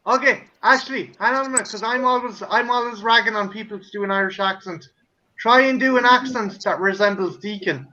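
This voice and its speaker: A man's voice: sits high, brisk, sharp tone, dull audio. A man hosting a casual watch-along chat with friends, teasing them and restarting his sentences. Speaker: stream host.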